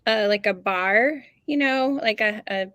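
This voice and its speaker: A woman co-host chats in a friendly way and keeps jumping in with quick questions. Her voice sounds dry and close, with almost no room echo. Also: medium pitch, a bit bright. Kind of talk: casual chat.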